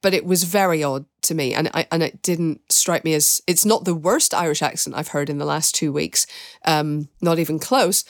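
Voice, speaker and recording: A woman's voice: low-pitched, normal speed, no room sound, clean studio sound. A woman hosting a film podcast, talking in casual review chat and thinking aloud in long, winding, reflective sentences. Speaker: podcast host and film critic.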